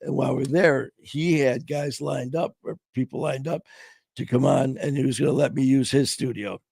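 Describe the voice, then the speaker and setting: Middle-aged guy hosting his stream, voice getting hoarse, loose and heartfelt, lots of "man" and "you know", mid-pitched. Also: fairly even intonation, moderate pace, darkish tone, no echo. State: voice going hoarse. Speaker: podcast host. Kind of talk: casual live-stream chat.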